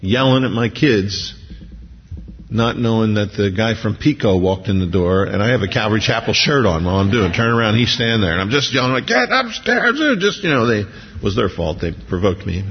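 A man's voice: lowish voice, brisk, husky. A man preaching a sermon as pastor, talking conversationally with rhetorical questions and frequent restarts. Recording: dull lo-fi recording with long hall reverb.

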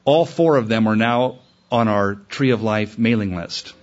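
A man preaching a sermon, telling a story in a lively way and climbing higher in pitch when he stresses a point. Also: unhurried, muffled recording. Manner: animated, rising in pitch when emphatic. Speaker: pastor.

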